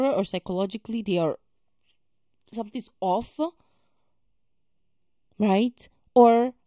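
Slow-talking woman reacting with exasperation. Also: fairly high pitch, mellow, no echo, clean studio sound. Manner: emphatic, exasperated, with many fillers. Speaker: reaction video host. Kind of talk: casual reaction commentary.

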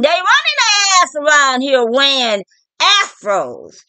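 A woman's voice: high voice, bright, forceful tone, no room sound. A woman delivering a profane, preachy rant to her viewers. She taunts, keeps asking "all right?", and often breaks into laughter. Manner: repeats "all right?" to address listeners. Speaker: online commentator. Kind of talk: profane ranting monologue.

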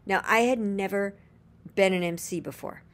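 A woman recounts a personal story with an earnest, gushing warmth in her words, linking one event to the next with "and then." Her voice sits at an ordinary middle pitch with a noticeable gravelly fry running through it. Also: normal speed. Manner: rambling, chains events with "and then". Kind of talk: casual spoken storytelling.

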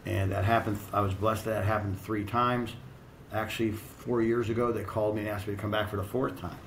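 A man's voice: lowish voice, level tone, a little fast, gravelly, a little hiss or hum, low-quality recording. A middle-aged American man and strength coach telling blunt, profane, rambling stories in a casual interview.

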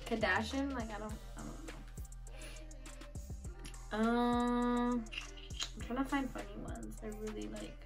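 A woman's voice: fairly high pitch, slow pace, long pauses, faint music behind. A young woman hosting a casual solo podcast, recorded on her phone, giggling and swearing as she reads memes aloud. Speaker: podcast host.

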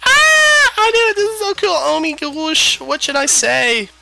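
A man voicing a gushing, lovestruck young girl in a squealing falsetto for a video game. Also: unhurried, gravelly, heavy background noise, heavily acted. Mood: excited squealing.

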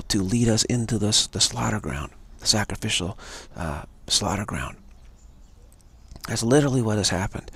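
A man's voice: on the low side, creaky, breathy edge, no room sound. A man giving an earnest spiritual talk on a livestream, emphatic and repeating his key points. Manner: earnest, emphatic, given to repetition. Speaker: spiritual speaker.

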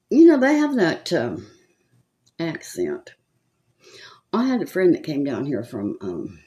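A woman's voice: fairly low pitch, warm tone. An older woman with a Southern accent, chatting casually and gossiping as she does her makeup. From California. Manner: chatty, gossipy, rambling with frequent laughs. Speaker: makeup vlogger. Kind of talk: casual chat while doing makeup.

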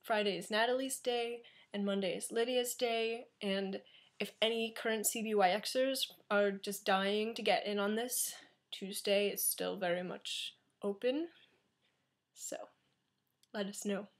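A chatty seventeen-year-old American girl talks straight into her computer's webcam from home. She rambles through asides and pokes fun at herself in a relaxed, casual vlog. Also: mid-range voice, a little slow. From New York, USA. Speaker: vlogger, exchange student. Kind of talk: casual talking-to-camera vlog. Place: home, indoors.

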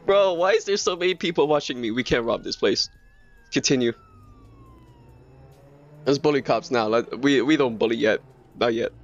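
A man streaming a video game live, chattering excitably and repeating himself in quick bursts. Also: medium pitch. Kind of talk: casual live gameplay commentary. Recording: dull lo-fi stream mic.

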